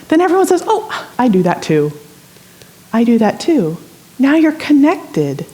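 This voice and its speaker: A woman's voice: fairly high pitch, darkish tone. A woman pastor giving a sermon in a church, conversational and storytelling, with asides to the congregation. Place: church sanctuary.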